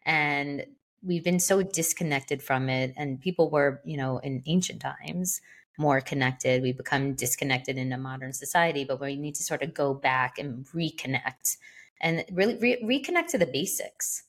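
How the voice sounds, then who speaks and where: A woman's voice: low voice, moderate pace. A woman co-hosting a podcast in casual chat, rambling along with lots of "like" and "you know.". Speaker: podcast co-host.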